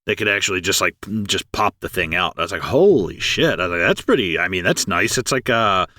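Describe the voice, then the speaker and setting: A man's voice: low voice, fast talker, sharp tone, dry recording. Enthusiastic man laughing through movie scenes. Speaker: podcast co-host. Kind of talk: casual movie discussion.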